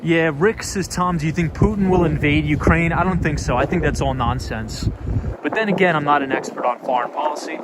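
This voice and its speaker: A man hosting a relaxed live stream as he walks through busy city streets, talking in a fairly high voice. He chats and answers viewer comments in an easygoing way. Steady street traffic noise sits clearly behind his voice. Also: a little fast. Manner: chatty, reads viewer comments aloud and answers them. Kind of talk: casual live-stream chat.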